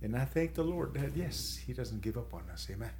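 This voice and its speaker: A man's voice: animated, brisk, creaky, darkish tone, a little hiss or hum. Emotional man giving a tearful testimony. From San Carlos Apache reservation, Arizona. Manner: emotional, rising high when moved, tearful. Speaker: street evangelist. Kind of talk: personal testimony.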